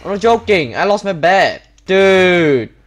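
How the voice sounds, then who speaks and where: A man's voice: sits high, expressive, slow pace. A man giving gameplay commentary, upset and complaining, repeating himself and stumbling over his words. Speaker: Minecraft YouTuber. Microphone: desktop setup with webcam.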